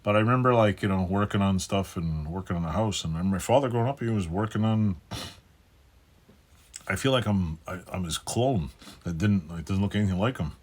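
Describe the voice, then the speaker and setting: A man's voice: sits low, fairly quick. A man in his fifties talking casually in a personal vlog, rambling and swearing, with many fillers and restarts. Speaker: channel host.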